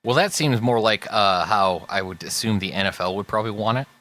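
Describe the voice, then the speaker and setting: American male co-host, very low and forceful, hesitant and wry. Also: brisk. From United States. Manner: hesitant, filler-heavy, wry. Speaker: podcast co-host. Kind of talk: casual chat.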